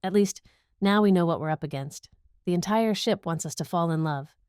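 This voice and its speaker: A woman's voice: fairly low pitch, moderate pace, darkish tone, smooth, no echo, clean studio sound, lightly acted. A woman voicing a wry, playful young man in a romantic comedy audiobook. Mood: amused. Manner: playful, teasing.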